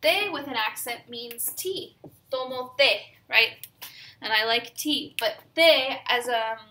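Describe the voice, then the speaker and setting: Female teacher, clear bright tone, higher-pitched, patient explainer, fillers and check-in questions. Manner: explanatory, frequent "right?" and "um". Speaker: Spanish teacher. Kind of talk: recorded grammar lesson.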